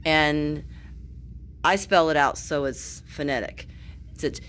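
A woman's voice: low voice, slow, long pauses, a bit bright. A woman teacher giving a casual video lesson from her home kitchen, chatty and loose, with fillers and asides.

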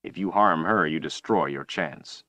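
A man's voice: low-pitched, measured pace, pushed and bright, dry recording, exaggerated voice. A man voicing a defiant young male hero in an audiobook, speaking bluntly and stubbornly. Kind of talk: audiobook character voice.

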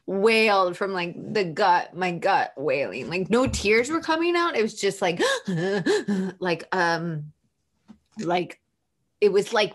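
A woman speaking candidly as a podcast guest, her voice sitting a little low for a woman. She tells personal stories openly and with feeling, slipping into the voices of the people she quotes. The delivery is conversational and unscripted. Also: fairly bright tone. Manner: open, emotional, acts out quoted voices. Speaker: author guest.

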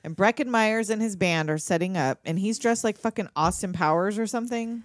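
A woman's voice: medium pitch, fairly quick, no echo. Dry-voiced woman podcast co-host. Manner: swears freely, laughs often, tells anecdotes. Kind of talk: casual chat recapping a film.

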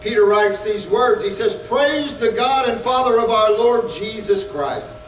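A man preaching a sermon as pastor, fervent and rising to shouts at times. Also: sits high, lively intonation, a little slow, echoey room, far from the mic, slight background noise, low-quality recording.

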